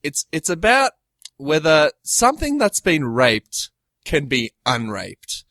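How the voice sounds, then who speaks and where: A man's voice: on the high side, huge pitch swings, takes it slowly, fairly bright tone, no echo. A young man hosting a podcast in casual, joking chat, giggly and crude. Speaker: podcast host.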